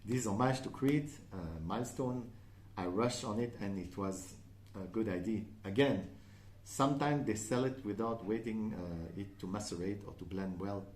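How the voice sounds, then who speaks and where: A man's voice: fairly low pitch, moderate pace, a little mellow, reverberant. A man with a French accent, a native French speaker, chatting casually in a perfume review and often checking in with "okay?". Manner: chatty, frequent "okay?" and "uh" fillers.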